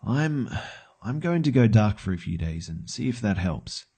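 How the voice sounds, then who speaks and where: A man telling a first-person horror story in scripted narration, calm and matter-of-fact. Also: fairly low pitch, normal speed, slightly rough.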